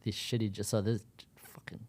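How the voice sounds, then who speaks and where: Low-pitched male podcast co-host, earnest and sweary. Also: little pitch movement, a little fast. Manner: earnest, swears, jokes in dark sarcasm. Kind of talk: casual chat.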